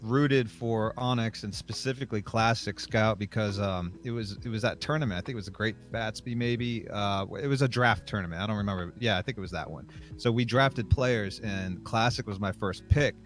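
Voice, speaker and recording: A man's voice: on the low side, normal speed, hardly any pauses. A man talking casually on a podcast, reflective and rambling with many fillers.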